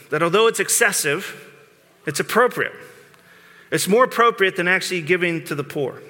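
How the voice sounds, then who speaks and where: A man's voice: a little high, pushed and bright, long reverb tail. A male pastor preaching a sermon in an earnest, informal way, often restarting and repeating words. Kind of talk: conversational sermon.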